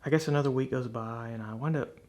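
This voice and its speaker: A man's voice: medium pitch, quick pace, darkish tone. A man earnestly and candidly telling a personal faith testimony, reflecting on what happened to him. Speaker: speaker sharing a faith testimony.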